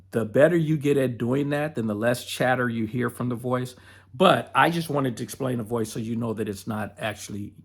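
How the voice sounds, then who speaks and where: A man talks to his podcast audience in a loose, conversational way and sometimes acts out both sides of his inner voice. His voice is gravelly with a husky edge, at a middle pitch. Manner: conversational, addresses listeners as folks, acts out inner dialogue. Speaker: podcast host. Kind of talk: motivational podcast talk.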